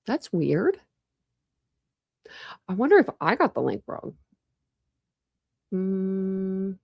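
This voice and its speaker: A woman's voice: mid-range voice, sing-song, drawn-out words, vocal fry, a little mellow, dry recording, clean studio sound. A woman in her forties at home, chatting casually on a live stream in a rambling way, full of "like" fillers. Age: 40s. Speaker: true crime YouTuber on a live stream. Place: at home, room with couch and cat.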